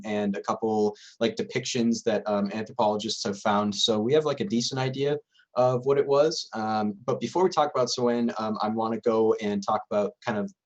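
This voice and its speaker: A young man presenting a casual livestream lecture with a loose, hesitant delivery. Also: fairly low pitch. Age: young adult.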